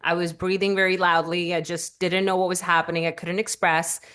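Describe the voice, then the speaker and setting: A woman guest on a podcast telling a personal story, halting and tearful at times, her voice lifting when she quotes her own thoughts. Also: fairly low pitch, flat delivery, a bit bright. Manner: halting, with fillers and restarts, voice rising in quoted self-talk.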